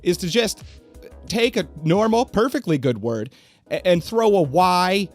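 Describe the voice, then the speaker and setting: A sarcastic male host narrating a comedy video, his pitch leaping all over as he complains and jokes. His voice sits a touch high, with light music under it. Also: very animated, measured pace. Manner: sarcastic, exasperated, swearing.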